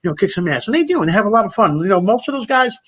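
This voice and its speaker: Quick high-voiced guy telling road stories, acts out the quotes, laughs a lot. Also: very animated, fairly bright tone, breathy edge, lo-fi sound. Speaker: guest drummer. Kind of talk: casual storytelling.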